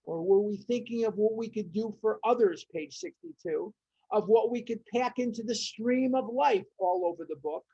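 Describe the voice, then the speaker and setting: A woman's voice: a little high, moderate pace, mellow, husky, no echo. A woman leading a recovery study group, reading passages aloud and commenting on them with emphatic, repeated phrases. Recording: dull, muffled audio.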